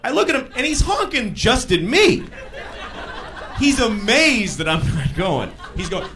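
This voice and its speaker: A man doing a stand-up comedy routine on a club stage, animated and sometimes shouting. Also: high-pitched, measured pace. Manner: animated, bursts into shouted impressions. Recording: live club with crowd laughter and noise. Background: audience laughing.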